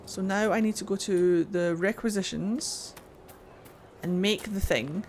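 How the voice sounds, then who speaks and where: Irish woman gamer, chatty let's-play commentary, jokey and excitable, swears freely, faint hiss behind her. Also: medium pitch, a little slow. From Ireland. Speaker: gaming streamer.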